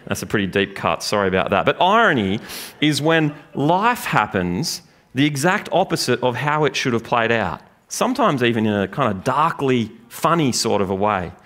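A man preaching a sermon in a church, lively and joking with the congregation. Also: medium pitch, moderate pace. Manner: lively, animated preaching with jokes. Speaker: pastor. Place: church gathering room.

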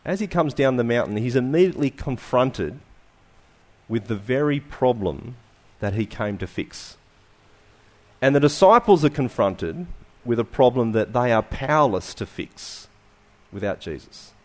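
A man preaching a sermon, asking rhetorical questions and letting his phrases fall to quiet endings. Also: mid-range voice, expressive, unhurried.

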